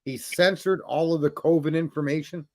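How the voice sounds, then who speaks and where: A man's voice: fairly high pitch, fairly even intonation, moderate pace, a little mellow, no echo, clean studio sound. A man hosting a casual talk show, telling crude rambling anecdotes full of swearing and laughter. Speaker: host. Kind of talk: crude casual podcast storytelling.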